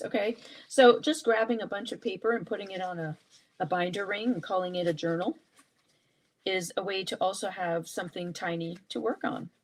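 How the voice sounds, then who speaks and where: A woman leads a relaxed live art journaling session. She chats and thinks aloud as she pulls supplies and prompt cards. Her pitch sits in an ordinary middle range, and her delivery is casual and unscripted. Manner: chatty, thinking aloud while working. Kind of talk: casual live craft demonstration.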